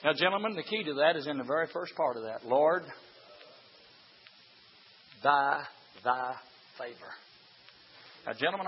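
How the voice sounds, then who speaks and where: Scratchy-voiced preacher shouting and hushing. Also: male voice, a little high, highs cut off. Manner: swings between shouted preaching and hushed storytelling. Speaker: preacher to a men's gathering. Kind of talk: sermon.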